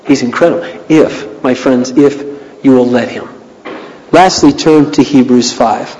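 A man preaching a sermon as pastor, reading scripture aloud with dramatic, animated delivery. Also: medium pitch, measured pace, long reverb tail, muffled recording, a little hiss or hum.

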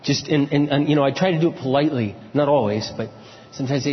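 A married man preaching a sermon, telling personal stories and swinging from low confessional murmurs to loud shouted emphasis. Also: fast. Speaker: pastor. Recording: dull, echoey hall sound.

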